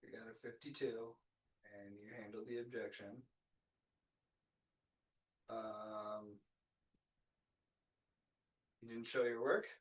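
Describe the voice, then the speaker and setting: A man's voice: lowish voice, flat delivery, takes it slowly, pauses often, poor audio. A man attending a workshop, giving a hesitant answer to the trainer's question.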